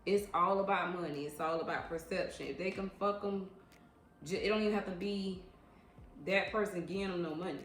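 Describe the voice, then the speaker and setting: A woman in her thirties, speaking a little low for a woman, tells a casual story in an emphatic, no-nonsense way. She leans on slang and repeats lines for weight. She is recorded in an echoey room with faint ambient sound behind her. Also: a little hiss or hum. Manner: slangy, drawn-out repetitions. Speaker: vlogger recounting her years as a club dancer.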